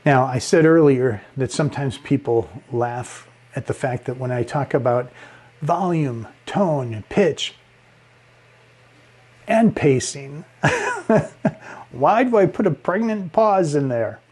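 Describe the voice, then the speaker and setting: A man teaching public speaking in an expressive way, swinging his pitch and volume to demonstrate and chuckling often, with a relaxing tone. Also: normal speed, few pauses. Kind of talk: instructional talk on speaking.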